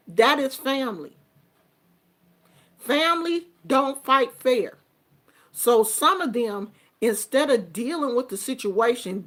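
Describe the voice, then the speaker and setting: An older woman, a grandmother, talking earnestly and reflectively about family and communication in a casual monologue. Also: medium pitch. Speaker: vlogger giving life advice.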